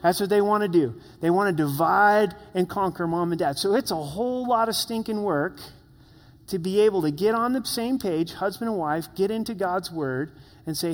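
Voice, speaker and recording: A man's voice: sits high, normal speed, long reverb tail. A man preaching a sermon as pastor, earnest and conversational, asking the listeners questions.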